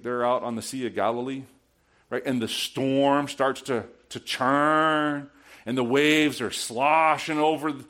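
In a church sanctuary, a male pastor preaches a sermon at medium pitch. He questions the congregation and swings between quiet, prayerful passages and loud shouts.

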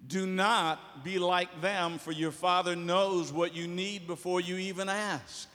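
Pastor, male, folksy preacher with jokes; high voice, echo of a large hall. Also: steady tone, unhurried, sharp tone. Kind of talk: sermon. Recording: long hall reverb.

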